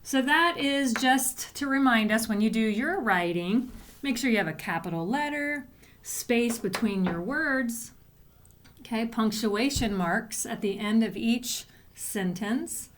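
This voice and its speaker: A woman's voice: a little high, expressive, measured pace, a little hiss or hum. A woman teacher giving a recorded writing lesson to young students, patiently explaining step by step and sounding out letters. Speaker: elementary school teacher.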